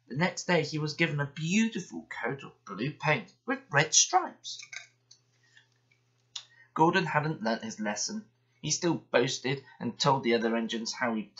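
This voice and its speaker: A man reading a children's bedtime story aloud in a gentle, expressive way. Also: mid-range voice, measured pace. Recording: dull lo-fi sound.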